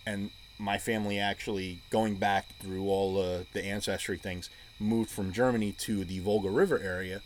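Man, low voice, blunt, jokey, casual chat, faint background hiss. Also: steady tone, moderate pace. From United States. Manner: blunt, joking, swears casually.

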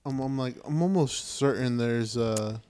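A man's voice: medium pitch, measured pace, a little mellow, smooth. A man co-hosting a podcast, bantering casually with jokes and slang. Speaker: podcast co-host. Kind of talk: casual chat.

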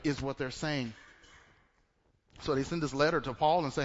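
A pastor preaches to his congregation in a relaxed, conversational way, stumbling over repeated words and asking the room questions. His voice sits at a middle pitch for a man. The sound is dull and carries a long echo from the church hall. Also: moderate pace, long pauses. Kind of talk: sermon. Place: church sanctuary. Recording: dull echoey church recording.

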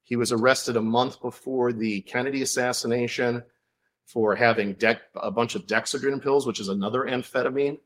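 A man of mid pitch, on as an author guest, tells a story with real enthusiasm. He packs the facts together in quick succession in a relaxed, chatty way. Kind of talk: casual chat.

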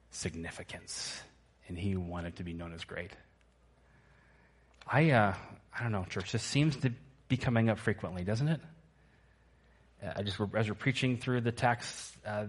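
A man's voice: on the low side, steady tone, measured pace, pauses often. A male pastor preaching a sermon to his church, emphatic and repetitive, asking the congregation to answer back.

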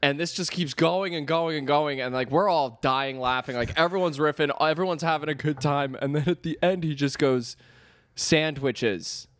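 A man and fellow comedian excitedly retelling a story in casual chat. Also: on the high side, brisk, hardly any pauses, dry recording, studio quality.

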